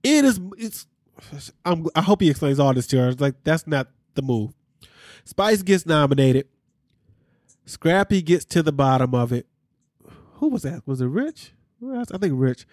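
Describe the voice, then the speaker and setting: Man hosting a podcast, animated and candid, talking in a somewhat high voice with dry, close sound. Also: normal speed, long pauses, no echo. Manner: animated, candid, slangy with asides to listeners. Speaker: podcast host recapping reality TV. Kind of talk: casual chat.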